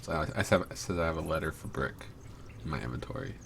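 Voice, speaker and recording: A man's voice: a bass voice, fast talker, creaky, fairly bright tone, slight background noise. A man playing in a tabletop game, chatting casually and playfully. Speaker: player.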